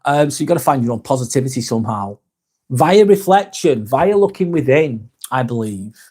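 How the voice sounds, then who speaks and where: A man with a Northwest English accent chats casually to viewers of his livestream. His voice sits at an ordinary middle pitch. He talks loosely, reads out comments and drops the odd swear word. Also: animated, moderate pace, darkish tone, husky. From Northwest England. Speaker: live vlog host reading chat.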